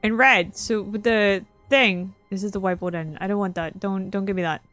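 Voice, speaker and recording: A woman streaming a video game, commenting excitably and repeating phrases over and over into a close microphone. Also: medium pitch, normal speed, faint music behind. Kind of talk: let's play commentary.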